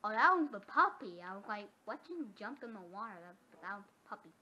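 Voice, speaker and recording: A woman giving casual gameplay commentary, excitable and often gasping or squealing. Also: mid-range voice, brisk. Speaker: gamer. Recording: dull lo-fi sound with faint noise.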